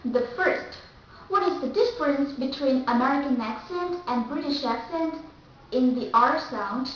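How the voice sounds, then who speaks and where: Vietnamese-accented female teacher, high voice, careful drills, far off in a muffled, echoing room. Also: slight background noise. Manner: careful, repeats example words slowly. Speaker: English pronunciation teacher. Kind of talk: pronunciation lesson. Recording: echoey, distant, dull mic.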